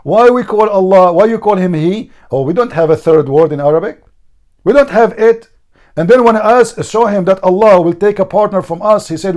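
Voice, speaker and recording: A man with a high-pitched, hoarse voice hosts a heated online debate. He hammers the same question over and over and mocks the other side without letting up. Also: normal speed, darkish tone. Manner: insistent, mocking, repeats questions. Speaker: debate host.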